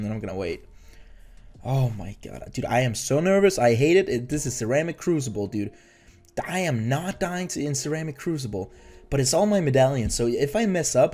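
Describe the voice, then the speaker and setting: Nervous young man rambling over gameplay. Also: mid-range voice. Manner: nervous, excitable, rambling with frequent restarts. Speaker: gaming YouTuber. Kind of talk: casual gameplay commentary.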